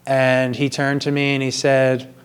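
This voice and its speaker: A man in an earnest, apologetic personal monologue, speaking slowly and in a measured way, recorded in a gym. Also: mid-range voice, completely flat delivery, clean tone. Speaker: vlogger sharing personal confessions.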